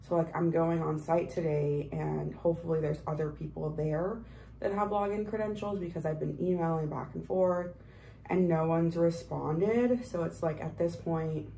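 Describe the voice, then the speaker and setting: A young woman talks casually to her phone camera. Her voice sits low and gravelly with a lot of fry, and she fills her chat with "like" and "um". A faint hiss of background noise sits under her words. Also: warm tone. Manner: chatty, lots of "like" and "um" fillers. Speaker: vlogger, traveling medical assistant. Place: at home, then in a car.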